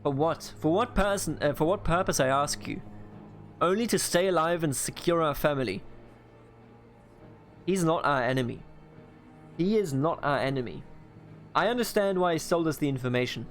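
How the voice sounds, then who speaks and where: A man's voice: on the high side, animated, moderate pace, long pauses. A man from Bavaria, Germany, hosting a let's play, thinking aloud in an emphatic, agitated way. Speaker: gaming channel host. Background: game music.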